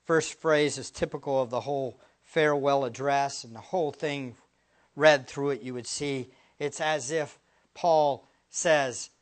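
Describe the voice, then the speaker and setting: A male pastor preaching a sermon, dropping to hushed near-whispers and then climbing to loud, emphatic rhetorical questions he repeats for effect. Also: mid-range voice, unhurried.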